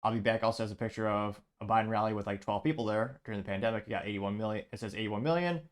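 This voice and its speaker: A man's voice: fairly low pitch, very fast. A man hosting a show, reading social media posts aloud and adding wry asides. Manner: reads comments out, adds wry asides. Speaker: host.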